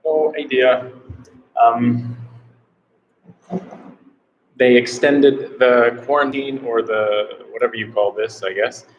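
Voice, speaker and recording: A man's voice: medium pitch, fairly even intonation, slow pace, pauses often, muffled recording, a little hiss or hum. An American man chatting casually on a live stream from a small room, rambling and unsure, often repeating himself. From United States. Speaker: travel vlogger doing a live Q&A.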